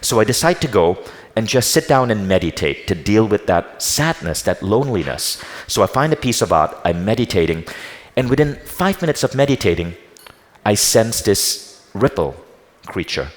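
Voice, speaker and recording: Man telling stories on stage, low voice. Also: normal speed. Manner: animated, acts out quoted dialogue. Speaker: speaker teaching meditation. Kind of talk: storytelling stage talk. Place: large hall with live audience. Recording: reverberant hall.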